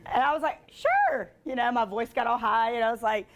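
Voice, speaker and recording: A woman with a high voice speaks in a lively, chatty way, dropping in "like" often as she tells stories. She pokes fun at herself while driving home a motivational point. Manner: chatty, filler-heavy with frequent "like"; self-deprecating humor. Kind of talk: storytelling motivational talk.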